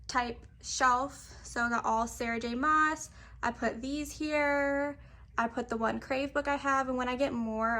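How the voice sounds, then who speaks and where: A woman's voice: a little high, fairly bright tone. A young woman, chatting casually and a little out of breath while showing off her bookshelves. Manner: chatty, filler-heavy, uses "y'all". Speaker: book vlogger. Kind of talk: casual chat.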